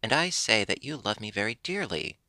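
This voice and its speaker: A man's voice: fairly low pitch, big pitch swings, a little fast, pushed and bright, dry recording, exaggerated voice. A man voicing a stern, bossy old male rattlesnake in a storybook reading, firm and commanding.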